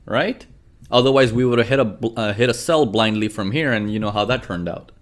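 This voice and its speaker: A brisk trading instructor, his voice in the mid-range, teaches from a chart on a shared screen. His habit is to repeat questions and to perform the nervous inner voices of traders.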